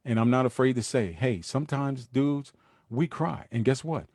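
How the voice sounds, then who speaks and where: Speaking at a normal speed in a mid-range voice, a male podcast host addresses his listeners in a relaxed solo chat. The studio-quality recording has no room sound. He leans on street slang, making animated asides and performing quotes as he acts out small scenes.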